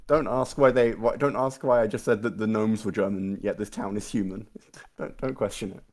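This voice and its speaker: A man's voice: fairly low pitch, fairly even intonation, normal speed. A man narrating casually as game master, chatty and self-deprecating, with frequent restarts, on a headset mic.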